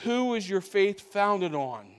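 A man preaching a sermon, swinging between booming emphasis and hushed asides and repeating phrases to drive points home. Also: expressive, slow pace, smooth. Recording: long reverb of a large hall.

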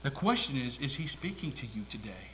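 A man preaching a sermon in a church, swinging between hushed whispers and loud, climactic calls. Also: mid-range voice, very animated, a little fast, slight background noise, poor audio. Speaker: pastor. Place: church sanctuary.

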